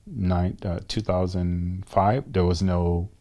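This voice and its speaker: A middle-aged man, a guest in an interview, telling his story with animated energy, acting out conversations and often repeating words as he restarts. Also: low-pitched, slow pace. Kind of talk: candid storytelling in a long-form interview.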